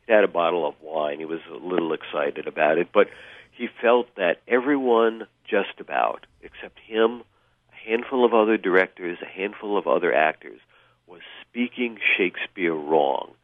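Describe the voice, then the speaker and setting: A deep-voiced man, the guest author, explains his ideas slowly and thoughtfully, with plenty of ums and restarts. He comes through a tinny phone line that sounds dry and close. It plays as a calm call-in radio talk. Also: no room sound. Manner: thoughtful, many fillers and restarts. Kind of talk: radio interview, explaining at length.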